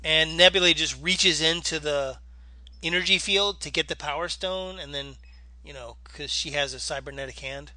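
A man's voice: fairly high pitch, normal speed, pushed and bright, no echo. A middle-aged man co-hosting a podcast, tired and yawning, rambling and trailing off in self-deprecating chat. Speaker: podcast co-host. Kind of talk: casual chat.

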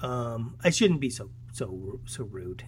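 A man's voice: mid-range voice, big pitch swings, takes it slowly, breathy edge. A man in casual chat, retelling a film's plot in a rambling way with many fillers, restarts and chuckles. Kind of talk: casual movie recap chat.

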